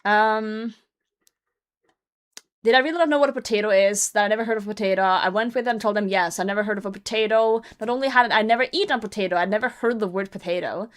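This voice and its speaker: A woman's voice: mid-range voice, steady tone, fast, hardly any pauses. A woman streamer chatting casually and reading a story aloud, breaking in with blunt, profane commentary and frequent laughter. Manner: blunt, swears often, laughs through her reading.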